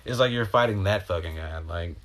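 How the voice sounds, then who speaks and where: A man with a somewhat low voice talks in a casual, meandering monologue. He drifts from thought to thought, swearing freely and speaking with open emotion. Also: a little fast, fairly bright tone. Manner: meandering, profane, emotional stream of consciousness. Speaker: host. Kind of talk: rambling spiritual monologue.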